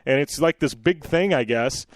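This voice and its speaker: A man's voice: on the high side, normal speed, dry recording. An American man hosting a radio show, chatting in a rambling way with frequent laughs and fillers. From United States. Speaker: radio host. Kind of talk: casual radio chat.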